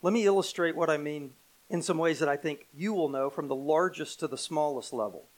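A middle-aged American man preaching a sermon, emphatic, slowing and swelling on key phrases. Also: a little high, poor audio. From United States. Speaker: pastor.

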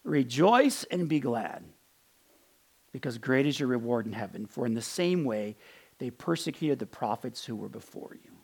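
A middle-aged man giving a sermon in an earnest, conversational way, often repeating words as he restarts and going soft on quotes. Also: medium pitch, a little fast, vocal fry, breathy edge. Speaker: pastor.

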